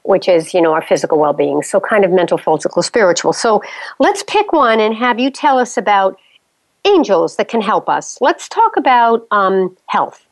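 A woman's voice: mid-range voice, very animated, normal speed, no echo. A woman hosting a radio talk show who interviews a guest in an enthusiastic, chatty way. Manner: enthusiastic, chatty, lists things.

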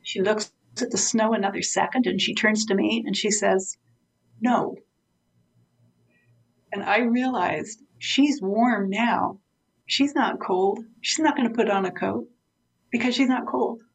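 Female interview guest, dementia care expert; lively storyteller with a gravelly edge. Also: mid-range voice, normal speed, low-quality recording. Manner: vivid storyteller who acts out dialogue.

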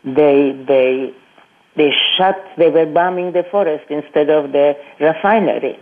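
The guest is an older woman, a Holocaust survivor who talks to students, sharing her testimony on the radio. Her account comes haltingly and earnestly, with repeated words and restarted sentences, and her voice sits low. The radio audio is tinny and phone-line quality.

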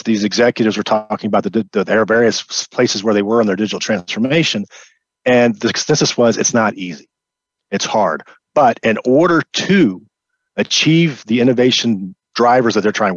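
A man's voice: on the low side, no room sound. A man speaking as a panelist, explaining his view hesitantly and often repeating words. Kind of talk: conversational business discussion. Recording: dull dry sound.

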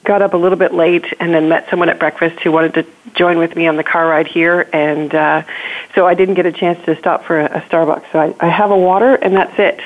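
A woman speaking as a remote guest on a talk show, relaxed and a little hesitant. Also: fairly low pitch, fairly quick. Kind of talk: casual interview chat. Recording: tinny phone-like call line.

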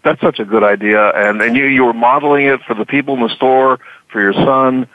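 A man's voice: mid-range voice, fairly even intonation, dry recording. Man on a tinny phone line. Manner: halting, repeats words when starting. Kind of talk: casual conversational talk.

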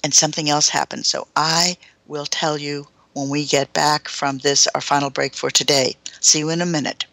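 A woman's voice: deep voice, flat delivery, moderate pace, creaky, few pauses, bright, forceful tone, dry recording. A woman hosting a talk show, telling a first-hand story in a dramatic way with gasps. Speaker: host.

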